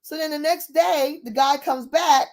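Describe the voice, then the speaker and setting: Animated high-voiced woman telling a story. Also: a little slow. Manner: animated, chatty with fillers. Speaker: speaker. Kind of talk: casual storytelling.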